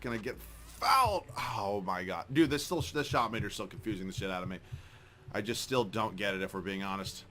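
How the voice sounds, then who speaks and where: A man giving live commentary over a basketball video game, excitable, swearing often and joking about his own skill, swinging from mumbling to yelling at the screen. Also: lowish voice, quick pace, faint music behind. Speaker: gaming YouTuber.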